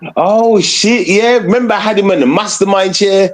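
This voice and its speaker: A man with a Jamaican accent on a casual live stream, ranting in thick slang. His voice rides a little high and jumps from booming low growls up to sharp high yelps. He talks loudly and lets himself get carried along. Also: normal speed, over a noisy crowd, low-quality recording. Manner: loud, swings high and low in pitch, heavy slang. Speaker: stream co-host.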